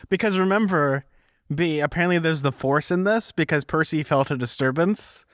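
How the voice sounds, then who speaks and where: A man's voice: fairly high pitch, moderate pace, dry recording, clean studio sound. A young man co-hosting a podcast, chatting casually and playfully about a book. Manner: playful, jokey asides. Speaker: podcast co-host. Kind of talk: casual book discussion chat.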